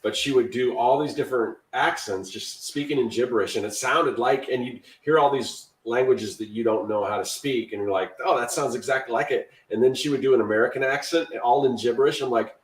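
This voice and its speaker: A man telling a story in a casual group chat, animated. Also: mid-range voice, brisk, hardly any pauses. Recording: echoey and distant from mic.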